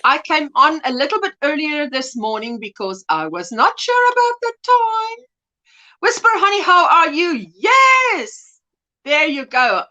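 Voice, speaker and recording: A woman's voice: sits high, big pitch swings, measured pace, sharp tone, highs cut off. A woman hosting a casual crafting livestream, chatting and greeting viewers by name as she reads their comments aloud. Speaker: livestream host.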